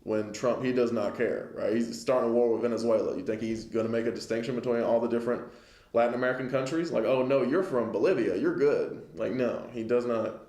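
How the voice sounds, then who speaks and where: A man's voice: medium pitch, steady tone, fast, a little mellow, echoey room. A man giving a casual lesson on the news, talking it through conversationally and often checking in with listeners. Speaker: Bible class teacher.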